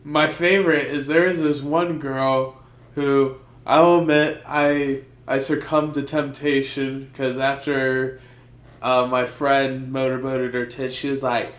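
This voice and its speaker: A young podcast co-host with a medium-pitched, a bit bright voice speaks slowly and flatly in an echoey room. In casual chat he tells loose, profane stories, putting on voices for quotes.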